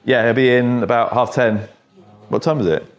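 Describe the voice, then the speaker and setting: Speaking at a moderate pace in a mid-range voice, this barber from England trades jokey stories with the customer in his chair as he cuts hair. His manner is talkative and full of humor.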